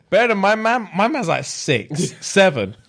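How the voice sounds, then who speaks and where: A man's voice: high-pitched, big pitch swings, unhurried, gravelly, a bit bright, husky. A young British man, a podcast co-host, telling a comic story in casual slang-filled chat and laughing often. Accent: British English.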